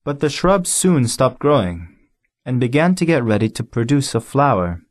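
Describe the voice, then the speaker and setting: Expressive male audiobook narrator. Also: medium pitch. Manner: measured, expressive storytelling.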